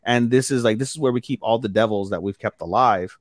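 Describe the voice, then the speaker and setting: A man's voice: mid-range voice, quick pace, no room sound. Man animatedly recapping an episode, dry close mic. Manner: animated retelling that acts out characters' lines with lots of "he's like". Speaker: podcast co-host. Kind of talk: casual chat recapping an episode.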